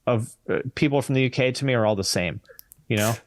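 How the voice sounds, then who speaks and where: A man's voice: mid-range voice, fast talker, no echo, studio quality. An American man, a podcast guest in casual chat, blunt and sardonic, swearing casually. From United States.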